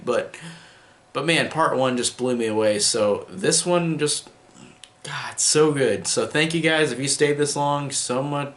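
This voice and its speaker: Man, casual movie review, emotional and enthusiastic, rambling, mid pitch, roomy echo. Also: a bit bright.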